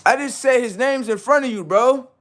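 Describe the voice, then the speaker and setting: A man's voice: very high voice, moderate pace, a bit bright. A man hosting a livestream, talking in heated banter with a mocking, argumentative, slang-heavy manner and heavy swearing. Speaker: livestream host.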